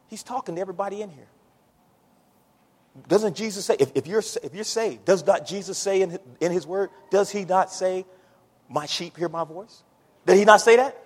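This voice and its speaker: A man preaching a sermon, swinging from hushed near-whispers to loud shouts. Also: high voice, animated, a little slow, pauses often, long reverb tail.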